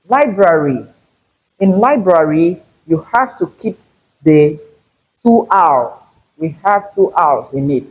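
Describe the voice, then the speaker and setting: A man teaching English pronunciation, saying each word slowly and more than once. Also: fairly high pitch, darkish tone, slightly rough, rough recording. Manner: slow, deliberate, repeats each word carefully. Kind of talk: pronunciation lesson.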